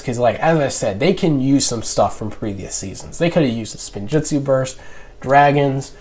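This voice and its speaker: A man's voice: mid-range voice, darkish tone. A young man talking through a casual spoken review, rambling with lots of fillers and restarts. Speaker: YouTube reviewer.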